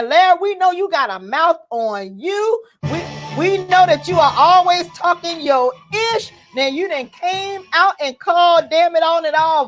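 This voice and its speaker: A woman with a very high voice hosts a casual gossip livestream. She is sassy and dramatic, and she keeps relaying what her caller says back to her viewers. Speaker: gossip show host.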